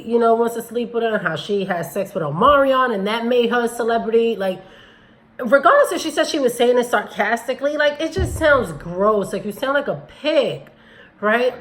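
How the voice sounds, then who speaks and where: A woman's voice: on the high side, fairly bright tone, low-quality recording. A woman hosts a casual commentary on a video clip. She speaks bluntly and critically, addressing her viewers directly in an everyday voice. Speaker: commentary channel host.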